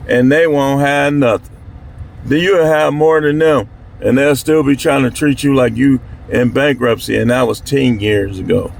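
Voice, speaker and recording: A man's voice: a little high, vocal fry. A man from Milwaukee talking straight to his channel's viewers in a blunt, slangy, fired-up monologue. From Milwaukee, Wisconsin. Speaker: channel host. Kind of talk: candid to-camera monologue.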